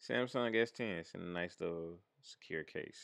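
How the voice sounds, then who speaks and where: A man's voice: low voice, moderate pace, gravelly, fairly bright tone, no echo, clean studio sound. A man from Michigan hosting his stream, telling a story from his life in a casual, profane, laid-back way. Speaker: streamer host.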